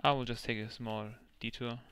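A man's voice: mid-range voice, fairly even intonation, moderate pace, fairly bright tone, smooth. A man chatting and encouraging his teammates during an online game. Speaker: game player. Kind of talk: casual gaming voice chat.

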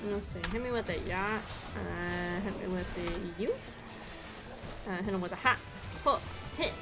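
A young woman streaming a game, bubbly and excitable, chatting with her viewers while she plays. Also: medium pitch, unhurried, music in the background. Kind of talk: casual live-stream game chat.

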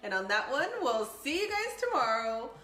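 Woman, cooking host, upbeat, playful, chatty, bright clear voice, home kitchen. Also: on the high side, big pitch swings, moderate pace. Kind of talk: casual cooking chat and instruction.

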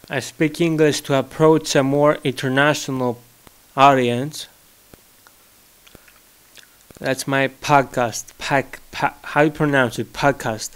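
Slow-talking young Greek-accented man. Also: medium pitch, fairly even intonation, fairly bright tone, clear, resonant tone. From Greece. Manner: rambling, joking, searches for words. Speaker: vlogger. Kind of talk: casual solo monologue. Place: his home.

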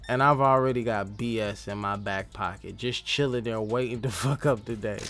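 A man's voice: lowish voice, moderate pace, a bit bright, soft background music. A man hosting a gaming channel, telling a rambling, profane story in casual chat while he plays. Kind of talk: casual gameplay commentary and storytelling.

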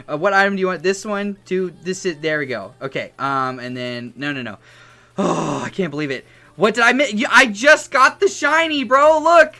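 A young man streaming a game, yelling and cursing with joy, his voice hoarse from shouting. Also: high voice, moderate pace. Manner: ecstatic shouting, cursing, repeated yells of yes. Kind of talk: live-stream game reaction.

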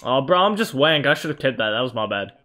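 A young man commentating live over his own football video game, excitable, swearing and shouting at his team. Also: mid-range voice, fast talker. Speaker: gaming YouTuber.

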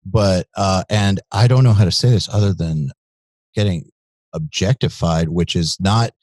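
Low-voiced guy on a podcast, blunt and candid, dry close sound. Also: unhurried, darkish tone, no room sound. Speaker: podcast guest, company CEO. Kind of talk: casual interview chat.

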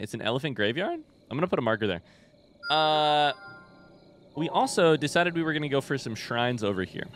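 Lively, animated man doing gaming commentary. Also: on the high side. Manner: animated, chatty, talks to game enemies and animals. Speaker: gaming video host. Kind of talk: casual let's-play commentary.

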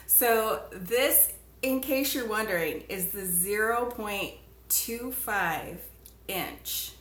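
A woman's voice: medium pitch, slow pace, a bit bright. A woman hosting a casual live craft stream from home, chatting along and greeting viewers by name as she works. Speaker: craft livestream host. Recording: echoey room.

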